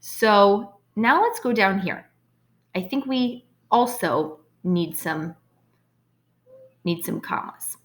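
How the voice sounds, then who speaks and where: A woman's voice: medium pitch, expressive, takes it slowly, fairly bright tone. A woman teacher recording an online writing lesson for her class, speaking patiently and encouragingly with frequent ums and okays.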